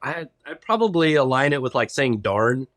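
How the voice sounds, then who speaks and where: A man's voice: mid-range voice, big pitch swings, moderate pace, a bit bright, dry recording, clean studio sound. A man, a guest on a podcast, chatting easily and telling anecdotes. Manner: easygoing, storytelling. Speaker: podcast guest, lawyer and pilot. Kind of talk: casual interview chat.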